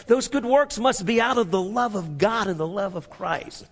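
A male pastor preaching a sermon in a church, swinging from loud, emphatic passages to near-hushed ones. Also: high-pitched, normal speed, hardly any pauses, big-room sound.

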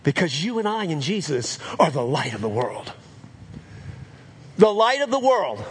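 A man's voice: high voice, very animated, normal speed, a little hiss or hum. A man preaching a sermon as pastor, earnest and repeating phrases for emphasis.

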